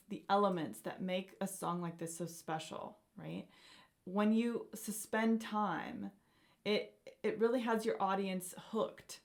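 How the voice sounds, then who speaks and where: A woman piano teacher guiding beginners through a lesson with patient encouragement. Her voice has a slight gravelly fry, and she keeps checking in with her listener as she explains. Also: medium pitch. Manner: encouraging, often checks in with "okay?" and "right?".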